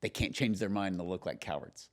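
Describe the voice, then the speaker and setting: A man's voice: deep voice, fast. A man hosting a podcast, chatting casually and telling stories with jokey asides. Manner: animated storyteller, jokey asides. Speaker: podcast host.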